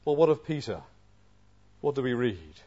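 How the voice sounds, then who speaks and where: A male preacher giving an expository sermon, asking rhetorical questions and swinging from loud emphasis to a hushed voice. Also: medium pitch, sing-song, normal speed. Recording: dull lo-fi sermon recording.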